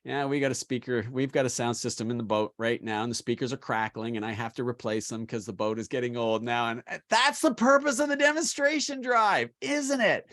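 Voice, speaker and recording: A man's voice: mid-range voice, steady tone, brisk, hardly any pauses, a bit bright. A middle-aged man giving an instructional sales training talk, coaching with energy and emphasis.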